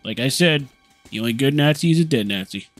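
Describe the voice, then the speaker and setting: Over soft background music, a gaming channel host narrates his own play in brisk, mid-range tones. He's young and casual, swearing, cracking jokes and reacting with excitement.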